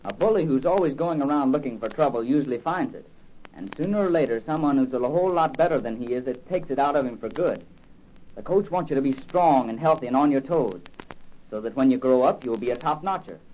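A man plays a calm, earnest young hero who lectures kids in an even, mid-range voice. It is an old radio recording, dull with faint hiss. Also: medium pitch, brisk, close to an everyday voice. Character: steady young athlete hero, fatherly to kids. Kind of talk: 1940s radio acting.

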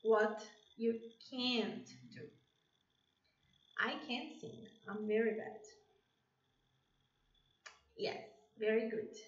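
A woman's voice: sits high, pushed and bright, echoey room, far from the mic, dull audio. A woman with a Brazilian Portuguese accent teaching a basic English lesson, encouraging and switching into Portuguese to translate.

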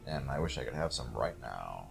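A man's voice: a bass voice, very animated, normal speed, vocal fry, soft background music. A man co-hosting a video game let's play, chatting casually, laid-back and cursing often, with frequent ums. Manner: laid-back, swears a lot, trails off with ums. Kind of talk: casual gameplay banter.

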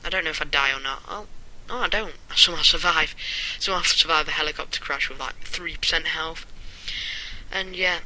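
A man's voice: a little high, fairly quick, bright, forceful tone, slight background noise, poor audio. A man giving casual gameplay commentary, rambling through stories and chuckling as he talks.

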